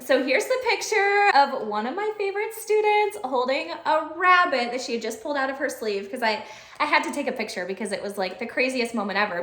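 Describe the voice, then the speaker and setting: A woman teacher telling a story in an animated, chatty way, laughing often. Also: on the high side. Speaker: special education teacher. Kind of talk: storytelling vlog. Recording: echoey room.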